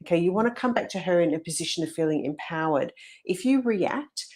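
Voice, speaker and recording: A woman with a somewhat low voice talks earnestly as a coach for mothers, carrying a story along in a relaxed conversational way. Her voice sounds a touch husky today, and she often circles back to restart a thought. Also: brisk. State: slightly husky voice this morning.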